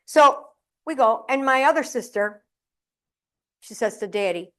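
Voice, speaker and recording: Woman, middle-aged, keynote humorist, fairly high voice, animated storytelling. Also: measured pace, pauses often. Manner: animated, comic storytelling with acted-out quotes. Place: live event venue.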